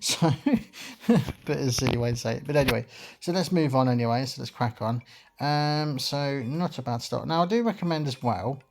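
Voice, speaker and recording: A man's voice: mid-range voice, normal speed, creaky, slight background noise. Rambling man commenting on gameplay. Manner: rambling and chatty, many fillers. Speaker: gaming channel host. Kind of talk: let's play commentary.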